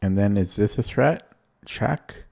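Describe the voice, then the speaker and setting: A man talks through his chess game live, in halting bits of thought and worried asides. His voice sits fairly low and he speaks slowly, often pausing mid-sentence to think. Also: gravelly, mellow. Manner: anxious, thinks aloud in short fragments. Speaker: chess streamer. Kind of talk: live commentary while playing online chess.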